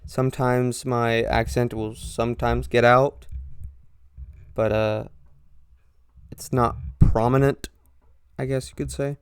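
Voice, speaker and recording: A young man with an accent mixing Northern and Southern US speech, hosting a podcast in a halting, rambling monologue full of restarts. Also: mid-range voice, flat delivery, smooth, no echo, studio quality. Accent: mix of Northern and Southern US. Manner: halting, with frequent restarts and trailing pauses. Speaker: podcast host.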